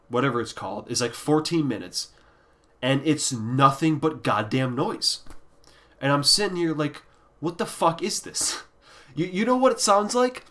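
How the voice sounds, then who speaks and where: A music reviewer with a mid-range voice ranks albums in a casual video, ranting bluntly with heavy swearing and occasionally sinking into quiet, deflated muttering.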